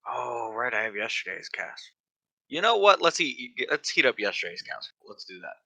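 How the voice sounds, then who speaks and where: A man's voice: medium pitch, big pitch swings, moderate pace, vocal fry, sharp tone, no echo. A man playing in a tabletop game, blunt and laid back, swearing casually. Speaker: player.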